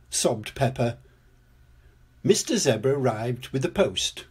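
Older storyteller man, slow, lively pitch, breathy voice. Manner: gentle, unhurried narration. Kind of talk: storybook read-aloud.

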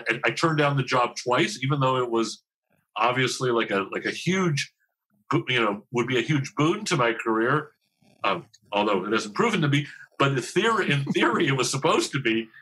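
A TV writer in his fifties, heard as a podcast guest, talks frankly in a mid-range voice that comes across pushed and bright. The audio is poor, and he rambles with many restarts while running himself down.

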